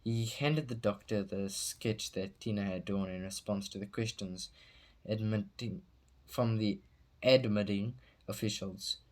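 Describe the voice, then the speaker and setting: A man's voice: fairly low pitch, steady tone, moderate pace, hardly any pauses, darkish tone. A man reading a novel aloud at home, often stumbling and correcting himself mid-sentence. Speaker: reader. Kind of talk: amateur novel read-aloud.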